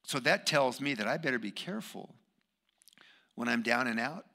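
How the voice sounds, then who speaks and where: A man preaching a sermon, emphatic, swinging between loud bursts and hushed asides. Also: medium pitch, animated, moderate pace, vocal fry.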